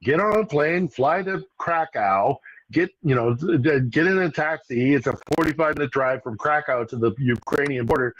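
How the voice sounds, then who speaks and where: A man's voice: fairly high pitch, moderate pace, a bit bright, no room sound. Rambling man on a dull stream. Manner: rambling, with restarts and asides. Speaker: regular guest commentator. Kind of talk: casual political commentary. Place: in Ukraine.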